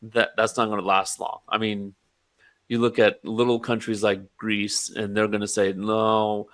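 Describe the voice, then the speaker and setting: A man co-hosting a casual political talk show, speaking in a measured way and hedging often. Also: on the low side, little pitch movement, a bit bright. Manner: measured, hedging with "I mean" and "right?". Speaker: podcast co-host.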